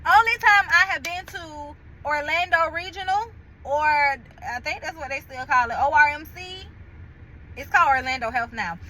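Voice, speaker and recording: A woman's voice: sits high, animated, moderate pace, sharp tone, rough recording. A woman vlogger in casual personal storytelling, emphatic and chatty, acting out the conversations she retells and speaking straight to her viewers. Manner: colloquial, chatty, addresses viewers directly. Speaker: vlogger sharing a health update.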